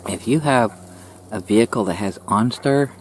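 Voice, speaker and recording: A man commenting casually as a channel host, a little hoarse and clearing his throat, puzzled and asking questions while repeating himself. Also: lowish voice, moderate pace, a little hiss or hum.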